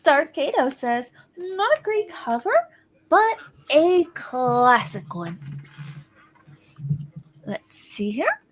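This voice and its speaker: Bubbly, high-voiced woman. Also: big pitch swings, very slow, long pauses. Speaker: co-host reading chat comments. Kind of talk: casual live stream chat.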